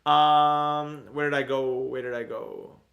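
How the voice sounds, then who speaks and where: A man hosting his own live stream on trading, chatting loosely and answering viewer comments in a rambling, energetic way. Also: fairly high pitch, slow pace, gravelly, dull audio. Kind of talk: casual live-stream chat reading comments.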